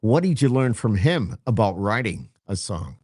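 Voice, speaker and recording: Podcast host guy, lowish voice, dry close mic, easygoing questions. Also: big pitch swings, moderate pace, a little mellow, no room sound. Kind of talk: interview questions.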